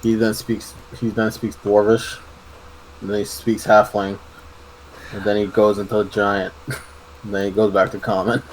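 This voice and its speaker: A man's voice: fairly low pitch, level tone, measured pace, pauses often, poor audio. A man playing a tabletop game, wryly narrating what his character does. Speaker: player. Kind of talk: casual tabletop game chat.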